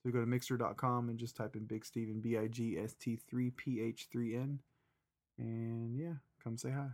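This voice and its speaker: A man co-hosting a paranormal podcast, reading a story aloud and chatting in a relaxed, rambling way. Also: medium pitch, normal speed. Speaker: podcast co-host. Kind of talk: reading a listener story, then casual chat.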